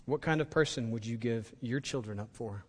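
A man's voice: mid-range voice, a little fast, darkish tone. Impassioned male preacher in a reverberant hall. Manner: impassioned preaching, rising to emphatic peaks. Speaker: pastor. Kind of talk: sermon.

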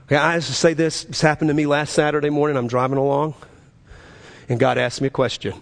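A man preaching a sermon, swinging between loud, emphatic highs and low, quiet stresses, often repeating words as he builds a point. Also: quick pace. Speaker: pastor.

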